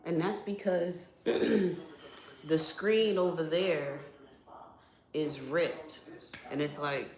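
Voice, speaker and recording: A young woman with a low voice chats on a live stream, animated and full of profane, playful complaints. Her voice rings in an echoey apartment room. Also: extremely slow, pauses often. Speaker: streamer chatting with viewers. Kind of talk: casual live-stream chat.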